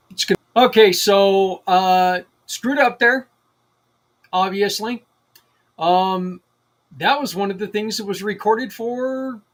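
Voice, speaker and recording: Middle-aged male host, slightly high voice, rambling and enthusiastic. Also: fairly bright tone. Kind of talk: casual livestream talk.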